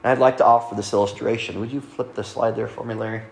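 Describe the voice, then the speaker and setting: Speaking fast in a lowish, creaky voice with a steady tone, a male pastor preaches in an echoey church sanctuary. His sermon is conversational, sprinkled with frequent "right?" asides aimed at the congregation.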